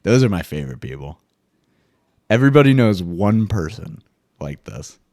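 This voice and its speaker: A man hosting a casual solo podcast monologue, swearing freely and jumping into high mock voices now and then. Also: very animated, moderate pace, a little mellow, dry recording, clean studio sound. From US East Coast. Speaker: podcast host.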